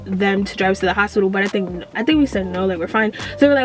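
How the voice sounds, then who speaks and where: A young woman vlogger telling a story in a rambling, animated way with many fillers. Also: mid-range voice, brisk, few pauses, soft background music. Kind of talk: storytime vlog.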